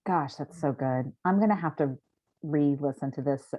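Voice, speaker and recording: A woman co-hosting a podcast in casual chat, speaking in a warm, reflective way. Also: low-pitched, moderate pace, dry recording, poor audio. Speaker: podcast co-host.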